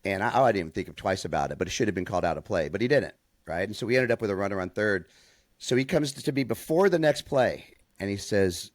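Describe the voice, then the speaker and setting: A man co-hosting a podcast and chatting casually, a softball coach telling stories and acting out what people said. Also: on the low side, fast talker, dry recording, clean studio sound. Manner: storytelling, calm, quotes people in voices.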